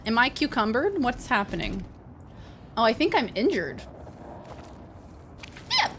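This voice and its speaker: Young woman streamer, sarcastic and sweary, slightly high voice, chatting to chat. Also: big pitch swings, a little slow, pauses often, fairly bright tone, slight background noise. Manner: playful, sarcastic, swears freely. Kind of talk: casual live-stream chat while gaming.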